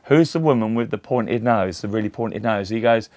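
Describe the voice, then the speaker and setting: A man's voice: fairly low pitch, normal speed, darkish tone, no room sound. A middle-aged man, telling rambling anecdotes in a casual interview and acting out the voices of the people in them. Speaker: interview guest, Elvis tribute act.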